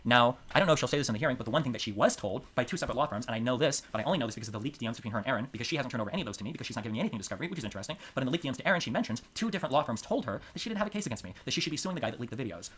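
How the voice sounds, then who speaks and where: A man streaming live, talking through court transcripts in quick, emphatic commentary, his voice jumping up in indignation to drive home his points. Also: mid-range voice, lively intonation, a bit bright, slightly rough.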